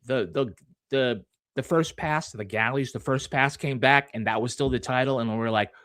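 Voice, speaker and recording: A man's voice: medium pitch, normal speed, fairly bright tone, dry recording. A man from Massachusetts with a Boston accent, a guest author in casual podcast conversation who tells stories at length and plays along with teasing.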